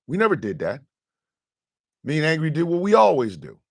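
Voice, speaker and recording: A man with a gravelly, rough-edged voice pours out an emotional monologue to his listeners. His pitch rises and falls in lively swings, cursing freely as he moves between hushed admissions and loud outrage. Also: fairly quick, long pauses. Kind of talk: impassioned monologue.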